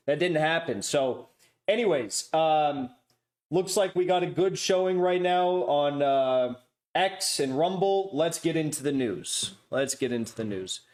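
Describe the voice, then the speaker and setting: A man with a voice a little higher than most men's hosts his own podcast. He talks off the cuff, wandering into asides and restarting his sentences as he goes. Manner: chatty, loose, many asides and restarts. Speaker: podcast host. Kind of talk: casual rambling monologue.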